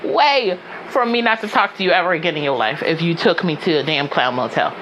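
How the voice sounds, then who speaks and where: A woman chatting casually, animated and indignant, swearing freely. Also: lowish voice, fairly quick, background noise. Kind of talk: casual chat.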